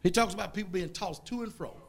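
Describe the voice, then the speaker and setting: A man preaching a sermon as pastor, fervent and rising into shouts. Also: high voice, fast, creaky.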